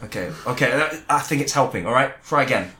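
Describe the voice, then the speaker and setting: A man's voice: mid-range voice, lively intonation, quick pace, sharp tone. A man hosting a comedy show, bantering in a playful, jokey way. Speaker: comedy podcast host.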